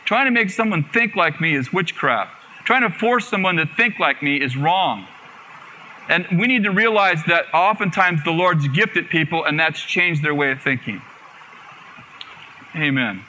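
Male preacher, high bright voice, earnest, repeats for emphasis, lo-fi sound. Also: a little hiss or hum. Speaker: guest preacher. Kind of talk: sermon.

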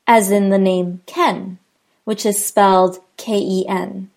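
A woman with an American accent teaching a scripted pronunciation lesson, enunciating example sentences slowly and carefully. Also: medium pitch, vocal fry, a little mellow.

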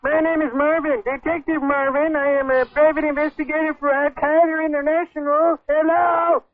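Man doing a rude blustering fake detective, very high voice, tinny phone line. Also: flat delivery, normal speed. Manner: blustering, insulting, shouting at times. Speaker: prank caller.

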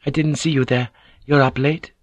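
A male reader voicing a poised, courteous samurai noblewoman who speaks softly and formally. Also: medium pitch, steady tone, moderate pace, dry recording, highs cut off, voice pushed up, close to an everyday voice. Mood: polite. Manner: soft, formal and deferential.

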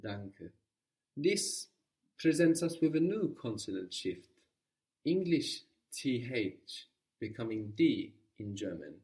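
A man's voice: mid-range voice, sing-song, slow pace, darkish tone, recorded from a distance. A man teaching a guided language lesson, patiently prompting his student with questions.

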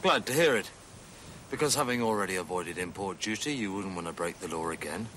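A dry, officious customs officer. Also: male voice, deep voice, lively intonation, fairly quick, fairly bright tone, a little hiss or hum.

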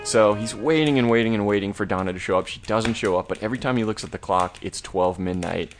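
Low-voiced man casually recapping a plot. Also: fast talker, faint music behind. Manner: rambling, laid-back, profane. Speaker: podcast co-host.

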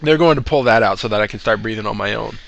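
A man's voice: fairly low pitch, fast talker, creaky, fairly bright tone, no room sound, highs cut off. A man casually telling a story, swearing a lot and laughing between lines.

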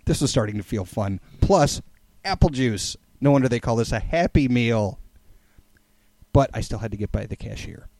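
A man hosting a podcast, reading a comic blog aloud with playful, animated storytelling and chatting between passages. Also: medium pitch, moderate pace, dry recording. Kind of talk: dramatic comic reading with chat.

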